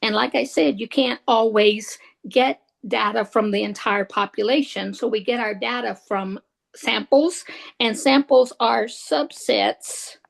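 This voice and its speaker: A woman's voice: fairly high pitch, unhurried, vocal fry, poor audio. Woman lecturing with many fillers. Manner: hesitant, many fillers and restarts. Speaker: statistics instructor. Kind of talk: recorded lecture.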